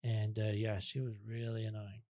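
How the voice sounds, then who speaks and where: A man's voice: fairly low pitch, monotone, normal speed, mellow, no echo, studio quality. A young man talking as a podcast guest in casual chat, rambling and self-deprecating, with many restarts.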